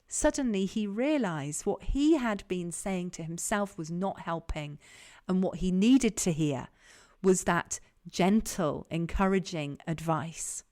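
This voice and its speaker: A woman leadership coach guiding an online group session, calm and encouraging, repeating her key questions. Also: medium pitch. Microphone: online call.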